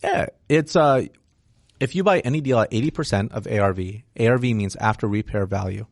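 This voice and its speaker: Brief: man, lowish voice, dry close sound, frank investor guest explaining deals in a casual interview. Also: fairly quick, no room sound. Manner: frank, explanatory, peppered with "right?". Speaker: real estate investor guest.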